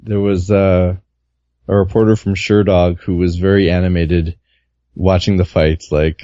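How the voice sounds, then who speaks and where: A man with a low, dark voice talks through his reporting week in a loose, meandering way, full of "uh"s. The audio is muffled and lo-fi, with a dry sound. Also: measured pace, no room sound. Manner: relaxed, rambling with many fillers. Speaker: guest reporter. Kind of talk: casual podcast recap.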